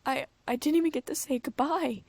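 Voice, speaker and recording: A woman's voice: medium pitch, normal speed, a little mellow, dry recording, natural voice. A woman voicing a grief-stricken young vampire woman who pleads in a raised, strained voice. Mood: distraught. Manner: pleading, distraught.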